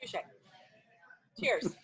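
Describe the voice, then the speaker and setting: A woman's voice: extremely slow, a bit bright, soft background music. A woman chef guesting on a podcast, brash and teasing as she plays trivia. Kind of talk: casual chat, trivia contestant.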